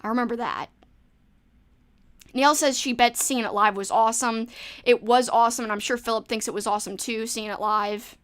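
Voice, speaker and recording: A woman's voice: fairly high pitch, steady tone, a bit bright. A woman with a New Orleans accent, hosting a casual livestream and chatting while reading viewer comments. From New Orleans, Louisiana. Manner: chatty, rambling, quick asides. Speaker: livestream host.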